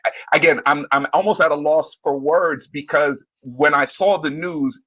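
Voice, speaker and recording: A man speaking earnestly as a guest on a panel discussion, reflective and halting at times. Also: fairly high pitch, fairly even intonation, pushed and bright.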